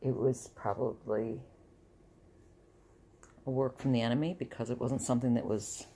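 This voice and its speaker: A woman's voice: very deep voice, steady tone, normal speed, warm tone, slight background noise. A middle-aged woman talking casually in a home vlog, rambling with restarts. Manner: rambling, chatty, restarts often. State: dizzy and close to tears. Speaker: vlogger.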